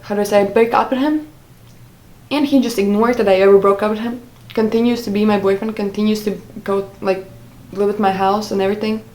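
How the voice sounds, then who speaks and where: Woman vlogger, mid-range voice, halting personal storytelling full of fillers. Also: medium pitch, darkish tone, slight background noise, low-quality recording. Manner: hesitant, many "like" fillers and self-corrections.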